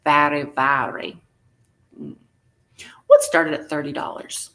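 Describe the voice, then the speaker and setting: A man's voice: a little high, steady tone, a little slow, creaky, noisy background. A man hosting a live online vintage sale, taking bids and joking playfully with a theatrical manner. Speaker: live auction seller.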